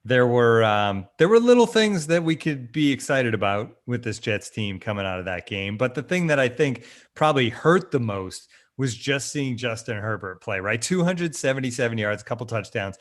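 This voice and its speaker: A man's voice: mid-range voice, lively intonation, normal speed, few pauses. A man hosting a sports podcast over a video call, steadily steering the chat to football. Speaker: podcast host. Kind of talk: casual sports podcast talk. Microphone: remote video call.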